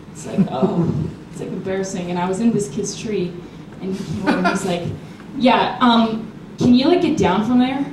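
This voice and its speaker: A young woman doing a stand-up set, full of "like" and giggles. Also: mid-range voice. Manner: giggly, valley-girl filler "like". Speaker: stand-up comedian. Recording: echoey club from far off, crowd noise.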